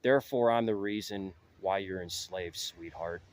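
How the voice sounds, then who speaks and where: A man's voice: low-pitched, moderate pace, close to an everyday voice. A man acting out a father blaming himself bluntly while speaking to his young daughter. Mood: self-loathing. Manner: self-condemning, blunt. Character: ashamed father confessing to his small daughter.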